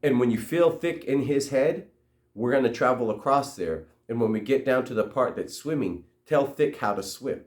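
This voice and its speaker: A man's voice: mid-range voice, moderate pace, a little mellow, close to an everyday voice. A man voicing a patient male guide who gives step-by-step instructions. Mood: instructive. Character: steady male guide with a stone hand. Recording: roomy echo.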